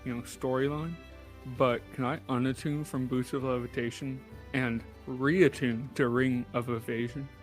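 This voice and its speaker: A man's voice: medium pitch, fairly even intonation, normal speed, faint music behind. A man playing in a tabletop game, offhand and practical. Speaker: player. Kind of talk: casual chat at a game table.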